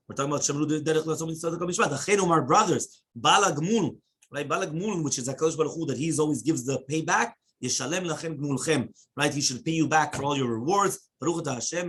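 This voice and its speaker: A man leads a Talmud lesson at a brisk clip, reciting Hebrew passages rapidly before translating them into English. His voice sits a touch high for a man and has a husky grain. He keeps checking in with his listeners with quick "right?" and "yeah?" asides. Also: a bit bright. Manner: chants Hebrew quotes rapidly. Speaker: rabbi teaching Talmud.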